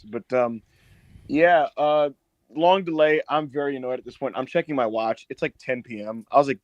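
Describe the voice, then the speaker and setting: A man co-hosting a casual wrestling podcast, telling a long story with lots of swearing and high mock voices for the people in it. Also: fairly quick, no echo, dull audio. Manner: animated storyteller, swears a lot, acts out others in high put-on voices. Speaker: podcast co-host.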